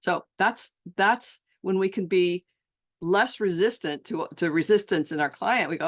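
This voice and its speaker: A woman's voice: fairly low pitch, measured pace. A middle-aged woman coach giving a reflective solo talk to fellow coaches, earnest and musing, who slips into the voices of clients. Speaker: transformational coach and trainer.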